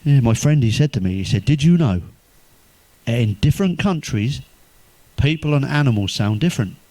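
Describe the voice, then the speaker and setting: An English man doing crude stand-up, swearing constantly and telling deadpan one-liners. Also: mid-range voice, normal speed, dry recording. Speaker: stand-up comedian.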